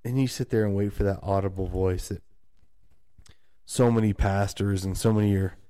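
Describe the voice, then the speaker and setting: A man's voice: on the low side, moderate pace, clear, resonant tone, no echo, studio quality. A man co-hosting a podcast in casual chat, talking animatedly, acting out the voices of the people he describes, and chuckling between points. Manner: animated, acts out quoted voices of friends and family. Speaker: podcast co-host.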